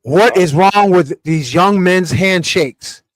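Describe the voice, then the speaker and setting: A man hosting a live talk show, lecturing in an emphatic, animated way. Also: high-pitched, slow pace, no echo. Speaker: show host.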